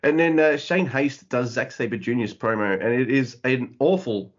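A man co-hosting a podcast, chatting casually in an animated way, swearing and acting out quotes. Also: medium pitch, normal speed. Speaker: podcast co-host. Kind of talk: casual chat. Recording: dull lo-fi audio.

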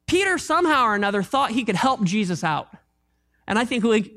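A pastor with a high voice preaches a sermon at a moderate pace. His delivery is animated and conversational, peppered with jokes and asides to the congregation.

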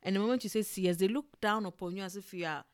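A young adult woman telling a personal story in a casual, expressive way, with frequent exclamations. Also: medium pitch, racing. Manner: animated and expressive, with exclamations and laughter.

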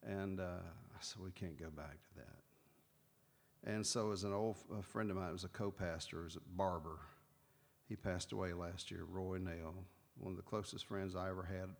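A man's voice: sits low, steady tone, moderate pace. A man, a pastor, telling a personal testimony as a story in a folksy, conversational way, repeating phrases for emphasis. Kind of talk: spoken testimony told as a story. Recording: long hall reverb with clear guitar music.

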